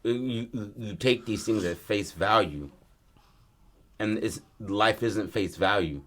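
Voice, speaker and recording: Low-voiced man telling a story casually. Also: slow pace, fairly bright tone. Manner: laid-back, profane, acts out lines in his story. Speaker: podcast co-host.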